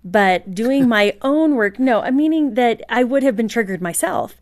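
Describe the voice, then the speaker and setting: A middle-aged woman speaking as an interview guest, calm and reflective with gentle amusement. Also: on the high side, moderate pace. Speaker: guest, marriage author. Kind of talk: casual interview storytelling.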